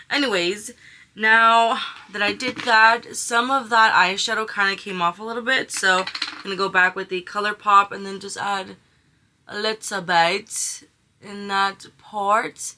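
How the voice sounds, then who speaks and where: Speaking at a measured pace in a bright, forceful mid-range voice, a young woman walks through a makeup tutorial in a casual, chatty way. The beauty vlogger gushes about the colors and peppers her talk with slang like "she is giving."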